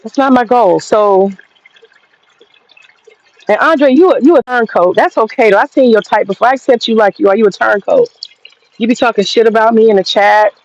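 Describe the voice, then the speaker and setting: A woman's voice: on the high side, normal speed, long pauses, dry recording, muffled recording. An American woman hosting a livestream, ranting bluntly and profanely while reading the chat. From United States. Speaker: livestream host.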